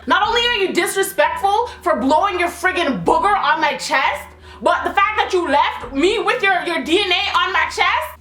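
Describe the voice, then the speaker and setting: A young woman telling an animated, slangy storytime to her camera. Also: very high-pitched, echoey room. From Canada. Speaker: vlogger.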